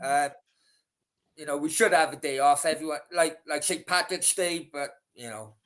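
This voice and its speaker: A man's voice: fairly high pitch, moderate pace, a bit bright. A man hosting a casual live stream, rambling, swearing freely and talking straight to his chat. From Wales.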